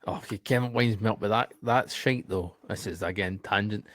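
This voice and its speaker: A man's voice: lowish voice, brisk, fairly bright tone, slight background noise. A Scottish man co-hosting a beer podcast in casual, sweary chat, laughing often. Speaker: podcast co-host.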